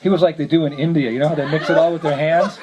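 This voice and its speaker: A man's voice: a little high, fairly even intonation, rapid-fire. A man, a visiting monk, telling a story to a gathering, chuckling often as he speaks. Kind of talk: storytelling talk. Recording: noisy lecture recording.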